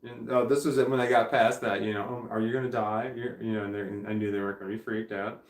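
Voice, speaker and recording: A man's voice: fairly low pitch, level tone, fast. Rambling middle-aged man in a roomy space. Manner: meandering, self-interrupting, chuckling. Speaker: vlogger. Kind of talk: rambling casual monologue. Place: home room. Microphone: camera mic at a distance. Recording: roomy home recording, faint ambience.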